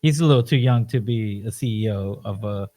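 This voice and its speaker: A man co-hosting a podcast, talking in an animated, emphatic way and leaning on "you know" as he tells stories. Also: lowish voice, a little fast. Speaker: podcast co-host. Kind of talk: casual podcast chat.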